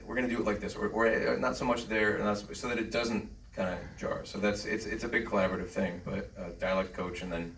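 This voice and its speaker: A man's voice: on the low side, steady tone, fast talker, few pauses, fairly bright tone, a little hiss or hum. A man on a convention panel answering a fan question in a rambling, joking way with many fillers. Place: large convention hall. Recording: echoey hall from far off.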